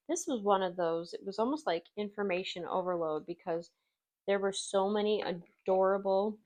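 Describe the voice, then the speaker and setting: A woman's voice: medium pitch, moderate pace. Woman from Wisconsin, craft host; casual, self-deprecating, talks while she works. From Wisconsin, USA. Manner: chatty, self-deprecating, laughs easily.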